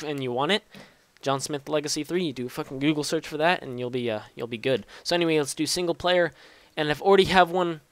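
A man's voice: mid-range voice, clean tone, no room sound. A young man giving casual, rambling gameplay commentary, swearing often and poking fun at himself. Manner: rambling, profane, self-mocking. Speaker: gaming YouTuber.

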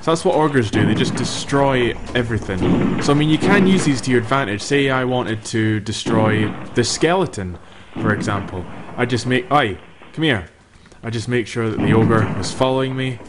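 A young man narrates a game in a loose, chatty way, cursing now and then and telling the creatures off. His voice sits at an ordinary middle pitch. Clear noise runs under the recording. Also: normal speed, few pauses. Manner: chatty, swears freely, talks to the game's creatures. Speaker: gameplay commentator. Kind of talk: casual gameplay commentary.

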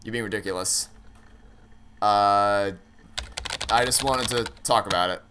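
A man's voice: lowish voice, a little slow, bright, forceful tone, slight background noise. Stammering man thinking aloud over a game. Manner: casual swearing. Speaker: let's play gamer. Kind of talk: casual game commentary.

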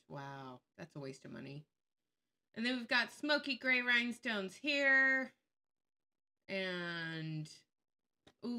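Woman commentator, sharp and bright tone, sarcastic and fired-up casual delivery. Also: on the high side. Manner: blunt, sarcastic, openly angry; swears freely. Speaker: YouTube commentator. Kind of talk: casual screen-share commentary.

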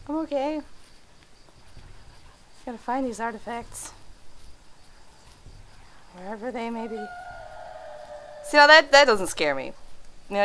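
A woman's voice: mid-range voice, pushed and bright, a little hiss or hum. A young woman playing a horror game at home, giving casual commentary, jumpy and swearing, shrieking at scares and laughing them off. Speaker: let's play gamer. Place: home room.

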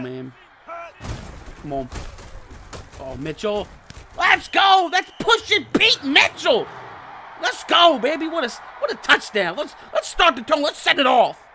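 A man doing casual, slangy commentary over a football video game, muttering low one moment and shouting with excitement the next. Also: slight background noise. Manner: casual slangy trash talk. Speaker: gaming channel host. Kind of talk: live gameplay commentary.

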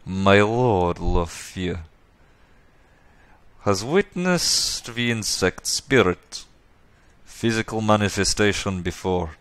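A man putting on a slow German-accented nobleman. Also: lowish voice, expressive, fairly bright tone, clear, resonant tone. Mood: solemn. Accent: put-on German, drifting Russian. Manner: drawn-out, relishing each word.

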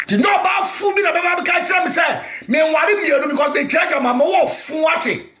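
A man with a Ghanaian accent preaching in a loud, fiery rant, often shouting. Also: very high-pitched, brisk. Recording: echoey room, faint noise.

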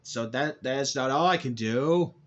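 Brief: male wrestler doing a rambling callout promo, stumbling and restarting, slow delivery, lo-fi sound. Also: mid-range voice. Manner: halting, with restarts and repeated words. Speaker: amateur wrestler cutting a promo.

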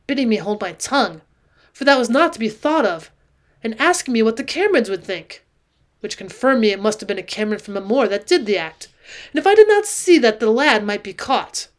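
A woman reads a classic adventure novel aloud for students, in a fairly high voice. She narrates plainly and gives the characters' speeches extra push and emphasis. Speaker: teacher reading aloud.

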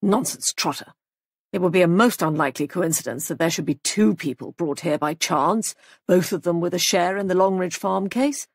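A woman's voice: on the low side, breathy edge, no room sound, clean studio sound. A woman doing an indignant, hot-tempered young husband. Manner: angry, defensive, brisk.

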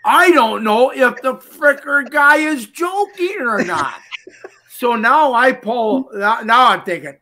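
Guy in his 60s spinning stories, folksy, laughs a lot, high bright voice. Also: slow pace. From Minnesota. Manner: animated storyteller, laughs often, folksy. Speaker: guest, retired pro wrestler. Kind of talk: casual storytelling interview.

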